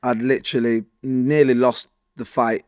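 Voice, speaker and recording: A young man in his twenties with a Manchester accent, talking candidly as a guest in animated street slang. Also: medium pitch, moderate pace, clear, resonant tone, dry recording. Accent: Manchester English. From Manchester, England. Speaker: guest, former fighter. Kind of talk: candid storytelling.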